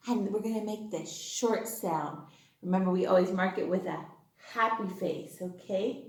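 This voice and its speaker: In an echoey room, a woman teaches phonics online to little kids at a measured pace and medium pitch. Her sing-song delivery is packed with gasps and excited exclamations.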